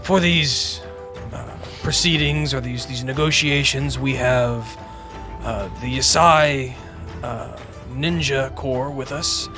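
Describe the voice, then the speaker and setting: A man voicing a gruff, white-haired older male clan leader who speaks formally and with measure. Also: mid-range voice, over music. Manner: formal, measured welcoming speech.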